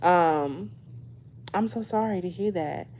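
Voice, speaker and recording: A woman's voice: on the low side, slow pace, darkish tone, slight background noise. A woman doing a casual tarot reading to camera, chatty, often tagging lines with "okay?" and addressing viewers as "y'all". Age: 20s. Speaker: tarot reader.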